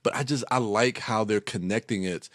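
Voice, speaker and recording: A podcast co-host with a fairly low voice talks at normal speed in an enthusiastic, casual, rambling chat packed with fillers and restarts. The recording is dry and clean, studio quality.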